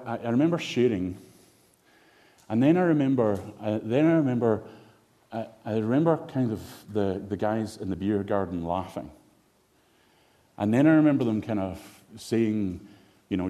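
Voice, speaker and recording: Preacher with a mellow voice. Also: male voice, lowish voice. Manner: emotional, storytelling, rising to passionate emphasis. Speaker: pastor. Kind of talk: sermon.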